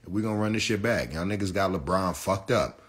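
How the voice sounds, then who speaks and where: A young man with a very low, husky voice rants on a phone live stream about basketball. His talk is heated, mocking and full of profanity. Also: fast talker, a bit bright.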